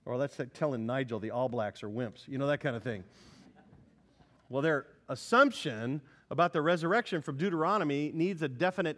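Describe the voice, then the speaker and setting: A man preaching an expository sermon, addressing the congregation directly with questions and rising to forceful declarations. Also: fairly high pitch. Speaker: pastor.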